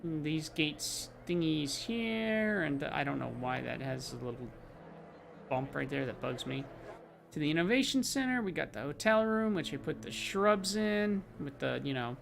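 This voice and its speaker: A man's voice: a little high, very animated, unhurried, vocal fry, fairly bright tone, slight background noise. A man chatting casually to his stream audience as he plays a game, rambling with lots of fillers.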